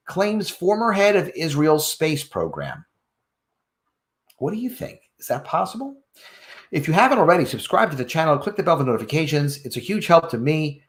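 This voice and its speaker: A man's voice: high voice, big pitch swings, fairly quick. A man giving casual news commentary on his channel, making joking, sarcastic asides as he reads out an article. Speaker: YouTube commentator.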